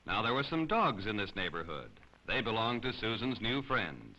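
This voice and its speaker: Brief: male storybook narrator, expressive, bright tone, lo-fi sound. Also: fairly low pitch, moderate pace. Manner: expressive, animated. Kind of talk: children's storybook reading. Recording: slightly dull lo-fi recording.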